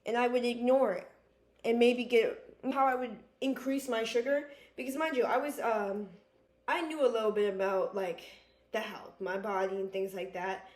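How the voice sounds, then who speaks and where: A woman's voice: on the high side, fairly even intonation, moderate pace, a little mellow, reverberant. Earnest young woman, emotional confessional vlog. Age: young adult. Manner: emotional, earnest, repeats herself, frequent "like" and restarts. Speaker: vlogger. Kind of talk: personal confessional talk to camera.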